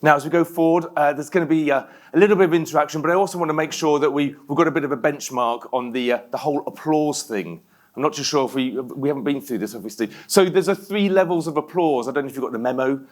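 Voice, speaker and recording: A middle-aged man delivers a motivational keynote and rallies the audience into call-and-response. His voice sits a little higher than most men's, and his delivery is lively and animated. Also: fast talker. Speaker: keynote speaker.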